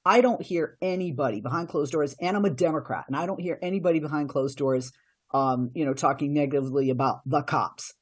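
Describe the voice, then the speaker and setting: A woman's voice: low voice, fairly quick, husky. A middle-aged woman, a radio host and commentator, giving earnest answers in a podcast interview, often restarting her sentences.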